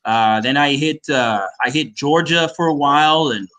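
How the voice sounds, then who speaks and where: Bright-voiced man, halting casual talk. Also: fairly high pitch, poor audio. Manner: rambling, halting, many restarts. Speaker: guest. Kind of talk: casual chat.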